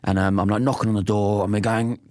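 A man's voice: fairly low pitch, little pitch movement, fast, a little mellow, dry recording, clean studio sound. A man co-hosting a podcast, telling a rambling, laughing anecdote in casual chat, recorded in a teepee at home. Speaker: podcast co-host.

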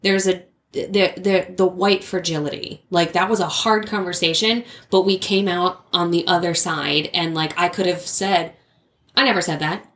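A woman's voice: lowish voice, steady tone, moderate pace, a bit bright, echoey room. A woman speaking as a podcast guest, candid and earnest, telling a personal story in casual conversation with frequent fillers.

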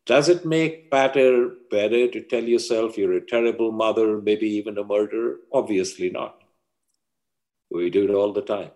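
A man's voice: fairly low pitch, darkish tone. Emphatic man teaching through parables. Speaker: guest, leadership coach. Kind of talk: interview talk with storytelling.

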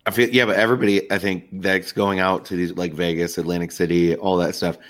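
Deep-voiced man in relaxed chat. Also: fast. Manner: relaxed, rambling. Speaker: podcast co-host. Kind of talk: casual chat.

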